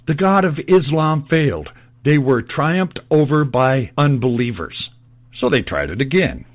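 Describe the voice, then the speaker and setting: Male commentator, slightly high voice, preachy and insistent, lo-fi phone-like sound. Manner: emphatic, repetitive, preachy. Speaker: political commentator. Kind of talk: lecturing monologue. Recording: tinny phone-like audio.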